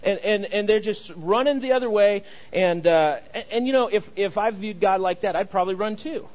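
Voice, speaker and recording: A man's voice: sits high, moderate pace, darkish tone, rough recording. A young adult male pastor giving a sermon, repeating key phrases and leading the congregation in call and response, with frequent stammers and restarts.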